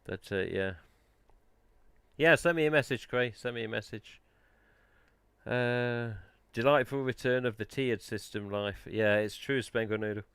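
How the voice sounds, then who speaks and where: A man's voice: fairly low pitch, fairly even intonation, unhurried, vocal fry, a bit bright, smooth, no echo. A man hosting a casual live stream, chatting in a rambling way and answering the chat. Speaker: livestream host.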